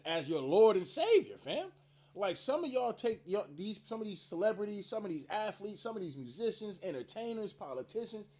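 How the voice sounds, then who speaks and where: A man with a fairly high voice talks straight to his audience in a loose, profane rant. He rambles, restarts his sentences and leans hard on slang and emphasis. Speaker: commentary channel host. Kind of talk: casual profane rant to camera.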